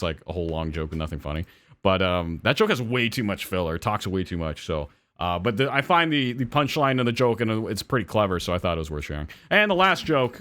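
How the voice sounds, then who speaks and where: Give me a rambling, animated male podcast host chatting live. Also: lowish voice. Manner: rambling, swears, self-deprecating. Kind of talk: casual live-stream podcast chat.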